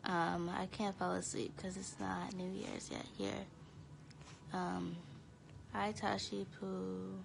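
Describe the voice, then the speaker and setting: A tired young woman chatting casually to viewers on a phone live stream from home, talking in a drowsy, low-energy way. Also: level tone, takes it slowly, vocal fry, noisy background. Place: home, indoors.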